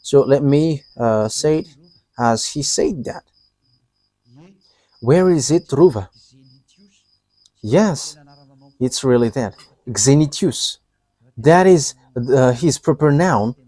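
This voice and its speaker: A man preaching a live sermon, talking in short, halting, broken phrases. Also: mid-range voice, animated, mellow, no echo.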